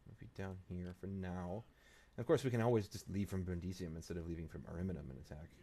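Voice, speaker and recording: Low-voiced man thinking aloud. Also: fairly even intonation, fast talker, dark tone. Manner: thinks aloud, muttering to himself and the game. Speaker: let's play host. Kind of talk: strategy game commentary.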